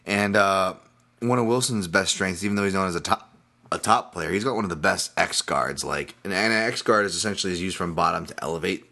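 A deep-voiced middle-aged man hosts his podcast, rambling casually about fights and odds. He is hiccuping, restarts his sentences and pokes fun at himself, with a crisp, forceful tone. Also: brisk. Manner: rambling, self-deprecating, frequent restarts. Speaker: podcast host. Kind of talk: casual sports betting talk.

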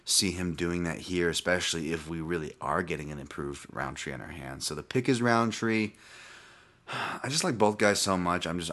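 Deep-voiced man rambling through fight picks. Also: fairly bright tone. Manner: rambling, profane, many fillers and restarts. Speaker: podcast host and fight analyst. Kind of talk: casual podcast breakdown.

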